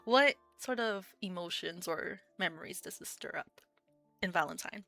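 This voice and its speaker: A woman's voice: on the low side, normal speed, vocal fry, pushed and bright, faint music behind. A woman narrating a tabletop role-playing game as game master in a casual, chatty way.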